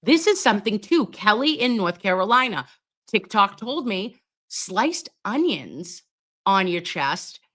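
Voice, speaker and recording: A middle-aged nurse hosting a live stream, chatting with viewers and reading their comments while she gets over pneumonia and keeps clearing her throat. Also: medium pitch, very animated, measured pace, fairly bright tone. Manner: chatty, calls viewers babes, reads comments aloud. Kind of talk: casual live stream chat.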